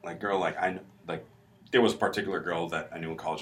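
A man's voice: low voice, fairly even intonation, quick pace, fairly bright tone, recorded from a distance, a little hiss or hum. A young man talking casually as a guest in an interview, rambling with fillers and restarts. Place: recording studio.

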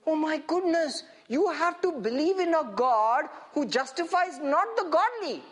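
Speaking at an extremely high pitch, animated and a bit bright, a man delivers an emphatic sermon. He reads verses slowly with stress on each phrase, has his listeners repeat them, and seeks their agreement after almost every point.

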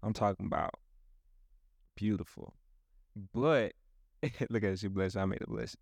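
A low-pitched man, a pastor, talks loosely and earnestly in casual chat, circling back and restarting his sentences. His voice is close and dry, with no room sound at all. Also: steady tone, normal speed, gravelly, a little mellow, no echo. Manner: rambling, many restarts and "like"s. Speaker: pastor and host.

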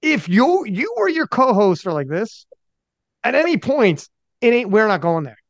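Animated podcast host man, dry dull sound. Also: high voice, moderate pace, no echo. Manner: animated, stumbling restarts, swears. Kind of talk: casual podcast chat.

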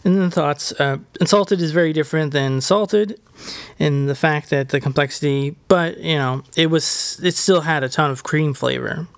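A man hosting a casual podcast, reviewing food in a chatty, hammy way and tossing in a mock Irish "lad" now and then. His voice sits a little high for a man. It is recorded close and dry, with no room sound. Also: normal speed, creaky, smooth, no room sound. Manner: hammy, drops a jokey put-on Irish "lad". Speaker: podcast host.

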